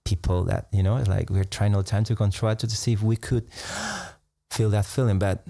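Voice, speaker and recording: Low gravelly man, musing meditation talk. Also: fairly even intonation, no room sound. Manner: unhurried, musing, laughs softly between thoughts. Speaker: meditation teacher. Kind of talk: reflective live-stream talk.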